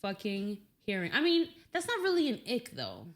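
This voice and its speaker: Animated woman guest in casual chat. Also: medium pitch, moderate pace. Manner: frank, exasperated, swears freely. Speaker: podcast guest, host's girlfriend.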